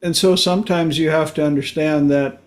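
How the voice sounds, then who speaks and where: A man's voice: on the high side, steady tone, a little fast. A man from Minnesota hosting a podcast, telling casual stories and chuckling often. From Minnesota, USA. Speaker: podcast host. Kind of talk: casual storytelling.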